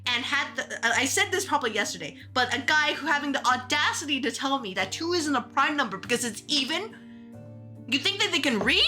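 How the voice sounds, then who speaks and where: A woman streamer chatting casually while playing a game, ranting in an animated way with quick asides and restarts. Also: high-pitched, soft background music. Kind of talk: casual gaming stream chat.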